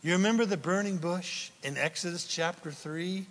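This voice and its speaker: A man preaching a sermon to a congregation in a church, animated and firing questions at his listeners. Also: sits high, normal speed, slight background noise. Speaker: pastor. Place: church sanctuary before a congregation. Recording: long reverb of a large hall.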